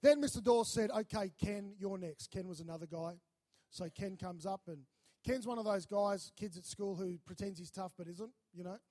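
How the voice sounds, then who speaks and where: A man preaching a sermon, telling a lively story and acting out the voices in it. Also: high voice, normal speed. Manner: animated, acts out voices in his stories. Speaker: pastor.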